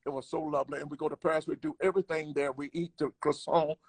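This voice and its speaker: A man's voice: fairly high pitch, flat delivery, fast talker, gravelly, breathy edge, dry recording. An older man, a comedian, telling a travel story in casual conversation, acting out the people he quotes. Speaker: guest comedian.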